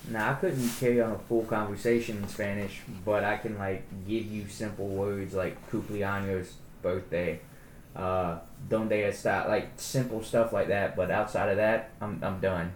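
A man's voice: on the low side, fairly even intonation, normal speed. A man chatting in an easygoing, hedging way with friends. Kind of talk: casual group chat. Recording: echoey room, faint noise.

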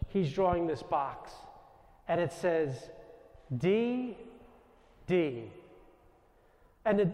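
A man's voice: a little high, darkish tone, roomy sound, big-room sound. A man with a New York accent, a Jesuit priest giving a conversational storytelling talk to a live audience. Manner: conversational, anecdotal, with self-corrections.

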